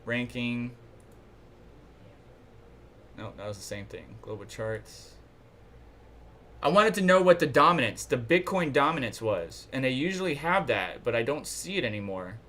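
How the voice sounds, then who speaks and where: A man's voice: mid-range voice, very animated, unhurried, pauses often, pushed and bright, slight background noise. A man from New York hosting a casual livestream, rambling and thinking aloud while he browses charts and checks chat. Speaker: livestream host.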